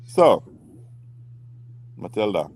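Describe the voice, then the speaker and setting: Still recovering from a cold, this podcast co-host has a fairly low, darkish voice with a breathy edge, big pitch swings and drawn-out words. He helps host a late-night relationship talk show, joking around and stumbling into restarts.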